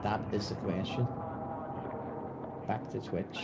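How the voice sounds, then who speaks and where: Unhurried man muttering through setup. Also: on the low side, steady tone, gravelly, very noisy. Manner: joking, swearing, muttering to himself. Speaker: streamer. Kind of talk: casual chat while setting up a stream.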